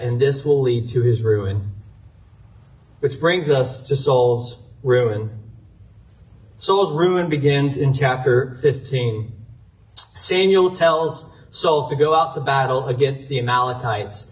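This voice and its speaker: A man's voice: medium pitch, slow pace, recorded from a distance, low-quality recording. A man preaching a sermon, retelling a scripture story earnestly and citing chapter and verse as he goes. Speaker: pastor.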